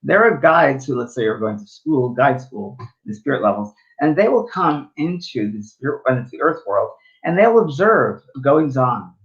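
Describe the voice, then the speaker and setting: A man's voice: mid-range voice, big pitch swings, normal speed, hardly any pauses, muffled recording. A man co-hosting a talk show as a spiritual medium, telling rambling anecdotes full of fillers and restarts. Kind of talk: casual storytelling chat.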